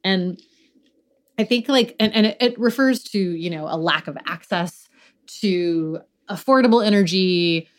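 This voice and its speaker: A woman's voice: lowish voice, measured pace. A woman co-hosting a casual chat podcast who talks bluntly, swears freely and trails off into restarts. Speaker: podcast co-host.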